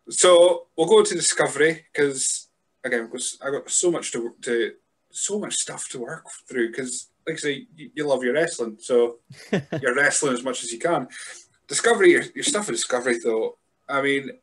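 A man hosts in a relaxed, joking manner, trading light asides with his guest. His voice sits at a plain middle pitch for a man, easygoing and conversational. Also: normal speed, slightly rough. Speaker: podcast host. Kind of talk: casual interview chat.

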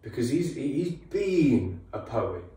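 A man hosting a casual music reaction video, animated and enthusiastic. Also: mid-range voice, slow, very echoey, recorded from a distance. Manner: animated, laughing, enthusiastic, swears.

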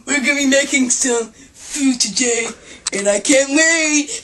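A woman hosting a spoof cooking show with a goofy, deadpan manner and sudden loud outbursts. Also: high voice, takes it slowly, soft background music. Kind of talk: deadpan comic cooking demonstration. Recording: noisy home video recording.

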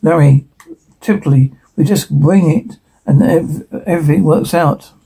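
Guy doing all the voices in a scene himself, gravelly and kinda husky, reads out the sound cues too. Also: a little high, a little slow, mellow, rough recording. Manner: switches between characters, reads sound cues aloud. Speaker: voice performer. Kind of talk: solo dub of a TV scene.

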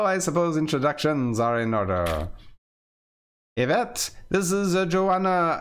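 A man's voice: fairly high pitch, big pitch swings, normal speed. A man reading a visual novel aloud, voicing its characters and stumbling over names with asides. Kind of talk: reading game text aloud with voiced characters.

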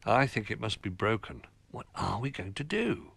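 A man voicing an eager, playful male toy rabbit with a bouncy, excitable manner. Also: fairly low pitch, normal speed, creaky, slightly rough, no echo, exaggerated voice.

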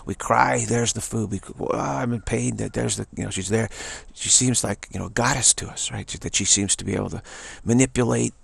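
Man, low gravelly voice, husky, dry close sound, rambling spiritual monologue. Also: steady tone. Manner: digressive, repeats himself, halting restarts. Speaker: spiritual teacher.

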